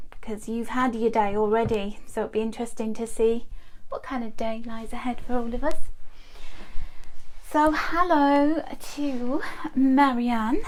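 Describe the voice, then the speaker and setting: A middle-aged woman with a slightly high voice hosts a live stream and greets her viewers one by one. She talks in a chatty, effusive way and sometimes stumbles over her words. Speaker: host of a live tea leaf reading stream.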